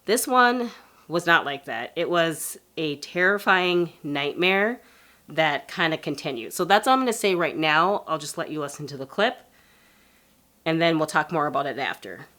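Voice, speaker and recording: A woman's voice: sits low, expressive, moderate pace, sharp tone. A woman co-hosting a podcast, casually introducing a clip with a chatty, filler-heavy manner. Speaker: podcast co-host.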